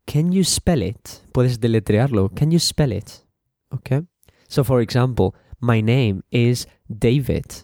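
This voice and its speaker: Male tutor, mellow and unhurried, repeats and translates everything. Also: mid-range voice, dry recording, studio quality. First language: Spanish. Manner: slow and repetitive, switching to Spanish for translations. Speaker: English teacher. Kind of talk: bilingual language lesson.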